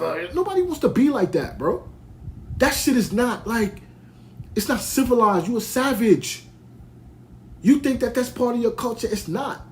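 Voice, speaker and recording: A Brooklyn man hosts a podcast, launching into a heated, rambling rant that keeps restarting. His voice is high and a little mellow, with slight noise in the background.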